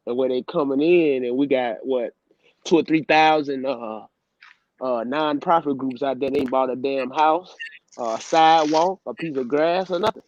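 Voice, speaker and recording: A man's voice: mid-range voice, moderate pace, darkish tone, no room sound. Blunt man drawling slang on a call. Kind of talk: casual group call chat. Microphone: video call. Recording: dull dry call audio.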